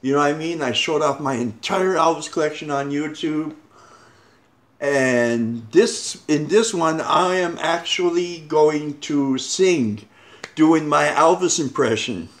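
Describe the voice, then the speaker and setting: Eager man rushing through a vlog intro. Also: fairly high pitch. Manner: rushed, eager, with many self-corrections. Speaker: channel host.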